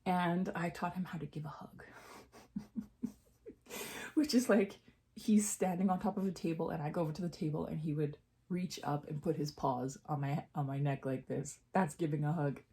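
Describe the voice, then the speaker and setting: A woman vlogger chatting candidly while doing her makeup, jumping up in pitch at times and dropping into half-whispered asides. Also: steady tone, moderate pace, warm tone.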